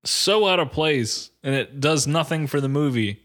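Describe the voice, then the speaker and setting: A man's voice: fairly high pitch, expressive, moderate pace, a bit bright. A man co-hosting a casual movie review chat, blunt and dry, swearing often. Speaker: podcast co-host reviewing a movie.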